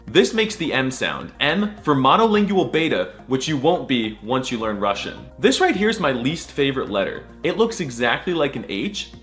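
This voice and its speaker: A goofy American man with a lively, medium-pitched voice performs a comedic scripted voice-over as a language explainer. He sounds crude and mock-outraged, stretching out his letter sounds for laughs.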